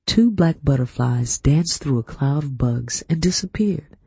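A man narrating an audiobook in a steady, measured storytelling manner. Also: on the high side, creaky, slightly rough, no room sound. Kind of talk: scripted narration.

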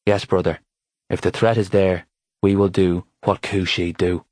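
Man reading calm wise big brother, gentle and measured, deep voice. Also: no room sound, clean studio sound. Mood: reassuring.

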